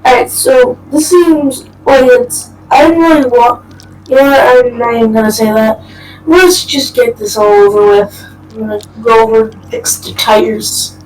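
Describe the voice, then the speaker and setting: A man's voice: extremely high pitch, lively intonation, measured pace, far from the mic, faint music behind, rough recording. A man playing along in a role-play game, wry and joking. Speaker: player. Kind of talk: casual role-play chat.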